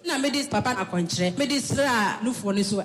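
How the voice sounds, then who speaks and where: A woman's voice: medium pitch, lively intonation, a little fast. A woman giving an earnest church testimony, affirming the host's questions with short replies. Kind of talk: spoken testimony. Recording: reverberant hall with clear background noise.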